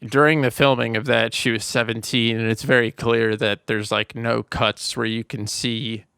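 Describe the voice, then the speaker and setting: A man's voice: medium pitch, level tone, normal speed, creaky, fairly bright tone, smooth, dry recording, clean studio sound. A man co-hosting a podcast, chatting casually about a movie and rambling with lots of "like" and restarts. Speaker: podcast co-host.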